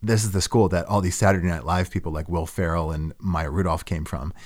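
A man's voice: low-pitched, fairly even intonation, brisk. A man hosting a podcast, talking casually and self-deprecatingly about his own work. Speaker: podcast host. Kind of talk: casual reflective monologue.

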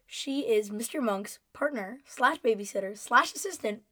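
A young woman with a slightly high voice chats casually and laughs easily. The sound is dry and close. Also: expressive, normal speed, fairly bright tone, no room sound. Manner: laughs often, reacts with short agreement. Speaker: podcast co-host. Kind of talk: casual chat.

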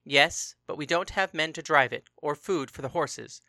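A reader voicing a firm, practical man who speaks in a louder, stern manner. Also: a little high, normal speed, gravelly, dry recording, clean studio sound.

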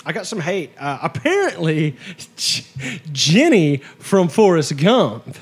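A man co-hosting a relaxed comedy podcast, his voice sitting slightly high. His pitch rises and falls widely. He laughs easily and tells his stories with animated, jokey energy. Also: takes it slowly, husky. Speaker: podcast co-host. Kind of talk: casual comedic chat.

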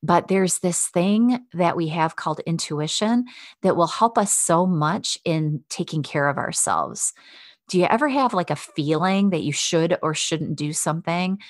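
A woman with a lowish voice talks straight to the listener as a self-help host. She sounds encouraging and kind. The recording is dry and close, with no room sound. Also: animated, unhurried, no room sound. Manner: warm, encouraging, speaks to the listener directly. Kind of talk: self-help podcast talk.

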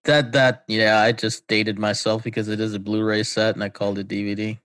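A man's voice: lowish voice, little pitch movement, a little fast, fairly bright tone. A man co-hosting a podcast, swearing freely, laughing often and telling stories about his family. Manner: profane, laughs often, tells anecdotes. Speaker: podcast co-host. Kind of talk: casual podcast banter.

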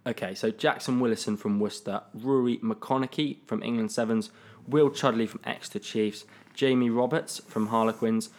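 A man's voice: medium pitch, fairly even intonation, normal speed, darkish tone. A young man hosting a casual sports podcast, steering the chat and reading out lists of names. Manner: leads the discussion, reads out lists. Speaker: podcast host.

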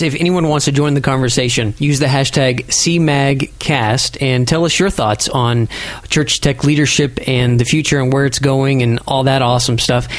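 A man hosting a podcast in a casual, playful way, teasing his co-hosts. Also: mid-range voice. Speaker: podcast host.

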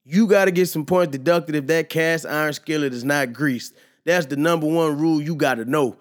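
A young man hosting a casual solo podcast, loose and joking, sometimes getting loud and animated. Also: fairly high pitch, a little fast. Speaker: podcast host.

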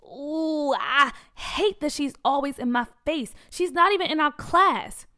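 A dramatic fifth-grade girl, whiny and emphatic, her fairly high voice climbing higher when she gets upset, as a woman storyteller puts her on. She sounds anxious and fed up in a children's storybook reading. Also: sing-song, measured pace, a bit bright, heavily acted. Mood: angry.

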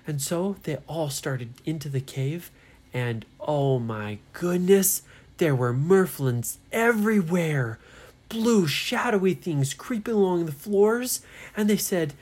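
A woman telling a children's bedtime story, slow and soft, playing up the characters' voices. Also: sits low, animated, slightly rough.

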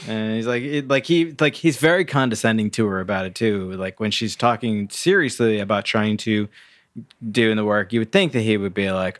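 A man co-hosting a movie review podcast, easygoing and quick to murmur agreement. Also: fairly low pitch, fairly bright tone, no echo, studio quality. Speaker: podcast co-host. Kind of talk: casual movie review chat.

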